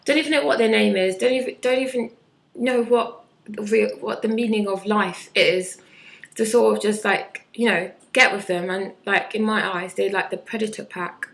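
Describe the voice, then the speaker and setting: A woman's voice: medium pitch, gravelly, rough recording. Blunt sarcastic young woman. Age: 20s. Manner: blunt, sarcastic, mocking impressions. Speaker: vlogger. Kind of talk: casual vlog chat.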